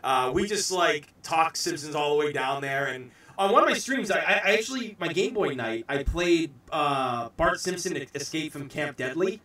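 An excitable man from the United States hosts a loose podcast chat and swears freely as he talks. His voice is bright and forceful and a little high for a man. It bounces around an echoey room, picked up by a mic set some way off. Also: moderate pace, few pauses, recorded from a distance. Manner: excitable, swears freely, shouts bits of impressions. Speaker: podcast host.

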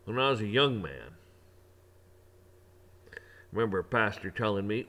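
A man's voice: lowish voice, sing-song, unhurried, long pauses, a bit bright. A man giving a ranting opinion monologue, preachy and emphatic, repeating phrases and swearing as he preaches about faith. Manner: religious preaching tone. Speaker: online commentator.

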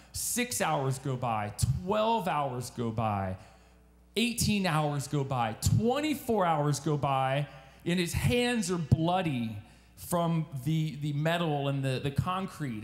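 A man preaching at a youth retreat, telling a story earnestly and repeating his phrases with frequent restarts. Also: fairly high pitch. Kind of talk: sermon with a told story. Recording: echoey hall reverb.

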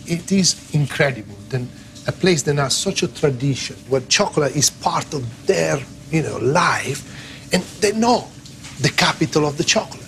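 A middle-aged man with an Italian accent, co-hosting a travel show in animated casual chat and slipping into Italian. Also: a little high, normal speed, creaky. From Italy. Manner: animated, switching between English and Italian. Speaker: co-host and chef.

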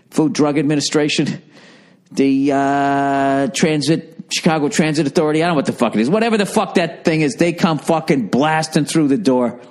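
A man's voice: medium pitch, darkish tone. A man hosting a podcast, telling a long story in a loose, swearing, digressive way and correcting himself as he goes. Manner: profane, digressive, corrects himself mid-sentence. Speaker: podcast host. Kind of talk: rambling comic storytelling.

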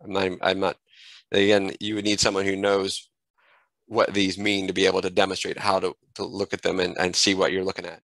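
A man with a fairly low but bright, forward voice talks through a software tutorial at his computer. He thinks aloud, restarts phrases and corrects himself as he clicks along. The sound is dry and close, with no room echo. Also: completely flat delivery, a little fast. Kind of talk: screen-recorded software tutorial.

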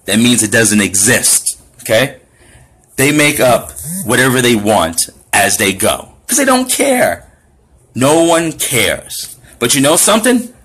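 A man's voice: medium pitch, very animated, a little slow, fairly bright tone, slightly rough. A man with a Florida accent in a casual, indignant monologue to camera, full of sarcastic asides. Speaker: activist vlogger.

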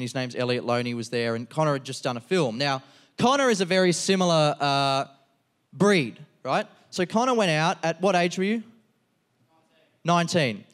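Male comedian, profane, animated crowd work, raised pitch. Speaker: comedian host. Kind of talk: live stand-up talk. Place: live venue before an audience.

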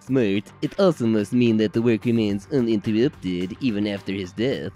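A man's voice: lowish voice, normal speed, warm tone, faint music behind. A man in a group read-along, making dry remarks and laughing easily.

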